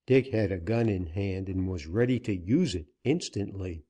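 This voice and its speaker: A man reading a western novel aloud as an audiobook narrator, in a steady, unhurried way. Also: fairly low pitch.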